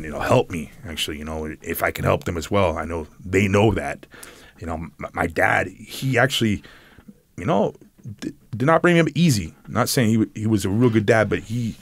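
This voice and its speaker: A man's voice: low voice, vocal fry. A man talking as a podcast guest, telling stories animatedly and laughing often in a studio. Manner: animated storyteller, quick to laugh. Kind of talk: casual chat.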